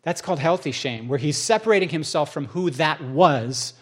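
A middle-aged man preaching a sermon as pastor, telling stories and acting out both sides of a dialogue, then dropping to a hushed voice for solemn moments. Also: a little high, animated, normal speed, breathy edge.

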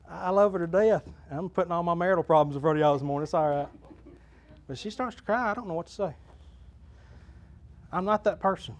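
A pastor with a notably high voice delivers a folksy sermon in church. He talks plainly to the congregation, swells into loud preaching runs and then settles back to a quieter, conversational tone. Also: lively intonation, moderate pace, pauses often. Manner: folksy, builds to loud preaching crescendos then drops low. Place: church sanctuary.

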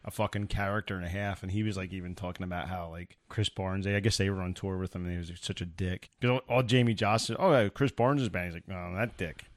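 A man's voice: deep voice, steady tone, fast, hardly any pauses, no echo, clean studio sound. A man co-hosting a podcast, talking bluntly and rambling with plenty of swearing. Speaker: podcast co-host. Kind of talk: casual chat.

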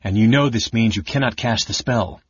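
A man voicing a proud female dark sorceress who speaks low and coldly with a sneer. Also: normal speed, husky, no room sound, lo-fi sound. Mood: defiant.

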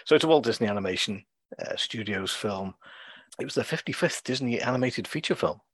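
A man's voice: medium pitch, animated, a little fast, a bit bright, no echo. A man hosting a podcast, chatting casually about films with lots of fillers and restarts. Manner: rambling, with many fillers and restarts. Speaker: podcast host. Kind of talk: casual film chat.

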